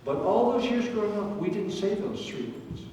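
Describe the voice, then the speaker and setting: An older man doing live comic storytelling with a faith message, wry and deadpan, dropping to soft, slow lines for tender moments. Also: sits high, distant mic, a little hiss or hum. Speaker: stand-up storyteller. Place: large reverberant camp hall. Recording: very echoey hall picked up from afar.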